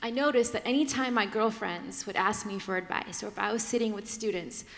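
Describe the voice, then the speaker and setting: A woman's voice: mid-range voice, fairly quick, vocal fry, few pauses. Candid, laughing woman on a panel. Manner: candid and animated, laughing often, shifting between voices. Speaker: conference panelist. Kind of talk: candid personal talk on a panel. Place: large conference hall. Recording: long reverb of a large hall.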